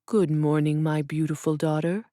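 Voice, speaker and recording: A proud, kindly older businessman speaks to his daughter in a soft Arabic accent, voiced by a woman reading an audiobook. His tone is low, warm and courteous, with an exacting edge beneath the fondness. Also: steady tone, normal speed, no room sound, clean studio sound, lightly acted. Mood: fond, courteous. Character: gentle proud older Arab father, businessman.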